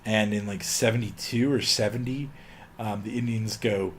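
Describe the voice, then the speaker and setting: A man's voice: fairly low pitch, steady tone, moderate pace, a little hiss or hum. Rambling man giving a casual lecture. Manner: rambling, filler-heavy, with opinionated asides.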